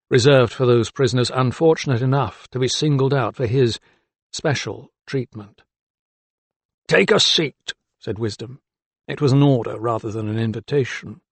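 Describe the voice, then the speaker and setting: A male audiobook narrator reads a period novel in an even, measured storytelling manner, his medium-pitched voice carrying a gravelly texture. It's scripted narration captured in a dry, close studio booth with no room sound.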